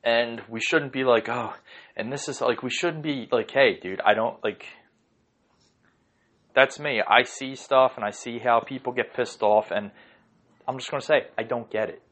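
A man hosts a podcast from home, his medium-pitched, fairly bright voice keeping a fairly even intonation at a moderate pace. In a casual but heated rant, he swears often and rambles through lots of fillers.

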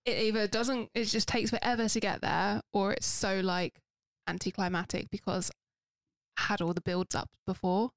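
A woman's voice: medium pitch, level tone, moderate pace, no echo. A woman co-hosting a podcast in casual couple's chat, speaking frankly and laughing often. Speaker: podcast co-host.

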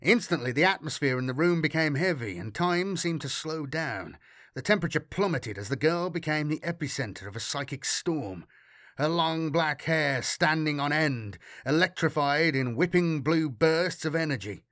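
A man narrating a dark sci-fi horror audiobook in a measured way, slowing for grim detail. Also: a little high, animated, dry recording, clean studio sound.

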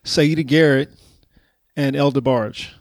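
A man's voice: mid-range voice, fairly even intonation, unhurried, no room sound, studio quality. A man in a casual, laughing conversation about old music, reminiscing as he talks.

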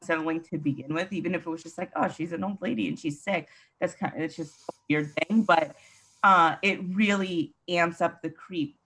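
Husky-voiced woman podcast host. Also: lowish voice, normal speed, fairly bright tone. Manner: chatty, laughs often, acts out quoted lines. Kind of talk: casual podcast discussion.

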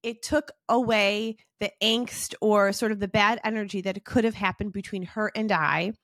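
A woman of middle pitch speaks into a close microphone in a dead-dry room with no echo. She hosts a reflective self-help podcast in an earnest, encouraging way. She talks straight to the listener. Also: fairly even intonation, normal speed, fairly bright tone. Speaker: podcast host.

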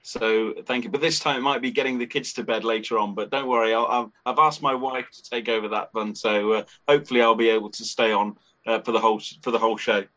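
A man chatting cheerfully and relaxed as a guest on a podcast. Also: medium pitch, fast talker, dull audio. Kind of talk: casual podcast chat.

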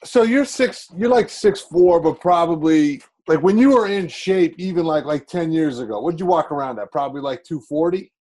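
A male podcast host chats loosely with his guests, laughing and swearing in an easy way. His voice is pitched a bit above average. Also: expressive, moderate pace, hardly any pauses, a little mellow. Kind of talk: casual chat.

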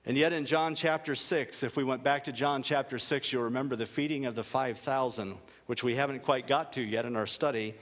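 A man's voice: medium pitch, fairly quick, hardly any pauses, a bit bright, in a large hall. A male pastor delivering a sermon in an earnest, emphatic way, repeating key phrases for weight.

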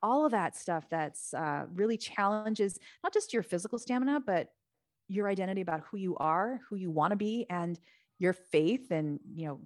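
A woman guest on a podcast, telling her own story in a chatty, animated way and sometimes acting out other people's voices. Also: fairly low pitch, moderate pace, no echo, clean studio sound. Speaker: podcast guest, author and Bible teacher. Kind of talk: casual storytelling.

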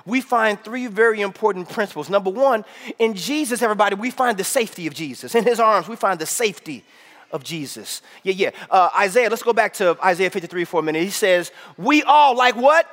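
A man preaching a sermon to a congregation, calling out for responses and often shouting with excitement. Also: high-pitched, fast. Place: church with audience. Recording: long hall reverb.

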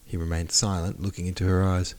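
A man narrating a classic novel as an audiobook, in a measured, expressive reading. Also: sits low.

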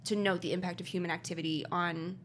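A woman's voice: fairly low pitch, level tone, fast, a little hiss or hum. A young woman co-hosting a casual podcast chat, explaining at length and laughing often. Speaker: podcast co-host.

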